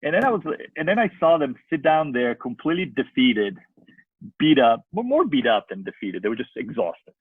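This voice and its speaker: Man, youth coach and filmmaker, rambling animated storyteller, husky, thin phone-like sound. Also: medium pitch, normal speed, dry recording. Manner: animated, rambling anecdotes with many fillers. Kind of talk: casual storytelling in a video-call interview. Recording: tinny phone-like line, dry.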